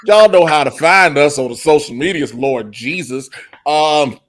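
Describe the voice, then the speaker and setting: A man co-hosting a casual TV review show, talking in an animated, slangy way and often laughing. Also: a little high, measured pace.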